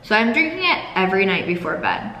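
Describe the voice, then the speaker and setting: A woman's voice: medium pitch, sing-song, fast talker, bright, forceful tone, slight background noise. A young adult woman candidly telling a painful personal story, swearing freely and holding back tears. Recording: echoey room with long reverb.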